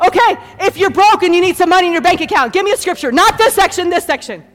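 High-voiced woman preaching in a hall. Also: fast. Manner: energetic, calls on the congregation to repeat phrases; laughs often between points. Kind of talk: sermon. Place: church hall with a congregation. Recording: hall reverb, faint background music.

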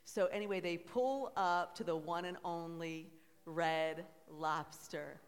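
A woman's voice: fairly low pitch, fairly even intonation, takes it slowly, clear, resonant tone. A woman pastor giving a sermon to a congregation, chatty when telling stories and fervent when she prays. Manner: chatty storytelling, then fervent prayer. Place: church sanctuary. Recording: long hall reverb.

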